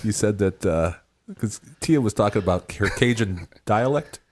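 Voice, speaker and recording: A man hosting a casual chat, animated and teasing, laughing often. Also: lowish voice, moderate pace. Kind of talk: casual banter.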